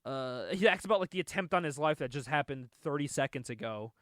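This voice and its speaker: Male podcast host, casual and sarcastic, laughs constantly, very animated pitch. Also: fairly quick, no echo, clean studio sound. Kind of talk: casual comic book discussion.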